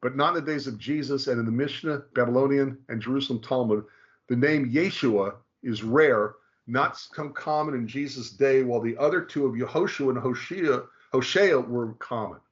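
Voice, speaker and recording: A man presenting in a casual explanatory discussion, halting and restarting often and drawing out key names slowly. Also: medium pitch, highs cut off. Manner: halting, frequent restarts, slow drawn-out stress on names.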